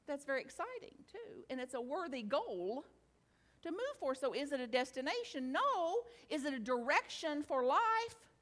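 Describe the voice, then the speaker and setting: Animated high-voiced woman teaching in a hall. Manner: animated, playful, teasing the audience; slows into hushed guided reflection. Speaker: spiritual teacher. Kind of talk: talk to a live audience. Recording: long hall reverb.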